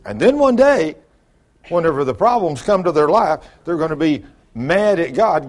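A man preaching with a fairly high voice. He tells stories in a folksy way, sinking to quiet asides and then climbing to loud, high exclamations. Now and then he drifts away from the microphone. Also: very animated, normal speed. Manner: folksy storytelling, swinging from low mutters to high exclamations. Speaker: pastor. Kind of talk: sermon.

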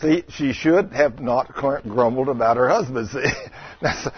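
A middle-aged preacher with a medium-pitched, breathy voice speaks at a moderate pace. His sermon is full of folksy, conversational storytelling and questions aimed at the congregation. The audio has no room sound and comes across dull and lo-fi.

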